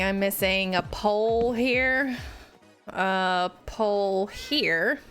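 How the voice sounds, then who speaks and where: A woman's voice: medium pitch, fairly bright tone. A young woman streaming a building game live, chatting casually to her viewers and laughing often at her own mishaps. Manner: giggly, self-mocking, laughs often. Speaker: Minecraft streamer. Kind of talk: casual live gameplay chat.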